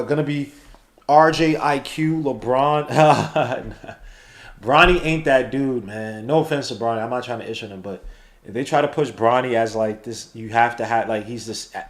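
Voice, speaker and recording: A man, hosting a live sports watch-along podcast in casual, slangy banter, reading chat and calling plays. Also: mid-range voice. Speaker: podcast host. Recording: roomy echo.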